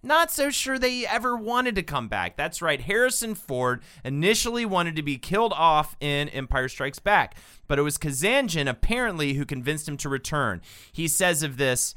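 A man co-hosts a casual podcast, reading quotes aloud and dropping wry jokes. His voice is bright, smooth and clear, and his pitch moves all over the place. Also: very animated, normal speed. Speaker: podcast co-host. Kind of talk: casual comedic chat.

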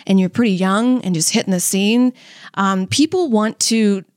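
A woman's voice: mid-range voice, moderate pace, a little mellow, no echo, clean studio sound. A young woman, a stand-up comic and co-host, telling stories casually. She acts out what people said and laughs often. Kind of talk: casual storytelling.

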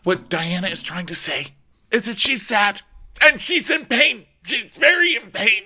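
A man putting on the voice of a pushy, dramatic reality-show woman in a breathy falsetto. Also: animated, a little slow, sharp tone, full character voice.

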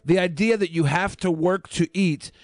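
A man's voice: high voice, moderate pace, a little mellow, dry recording, clean studio sound. A man hosting a podcast panel, ranting emphatically and swearing freely. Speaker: podcast host. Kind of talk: casual panel chat.

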